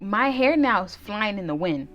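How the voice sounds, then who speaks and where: A young woman vlogger telling a storytime tale in casual slang, animated and laughing, breaking into loud shouted reenactments. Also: medium pitch, normal speed, lo-fi sound, faint music behind. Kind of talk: storytime vlog.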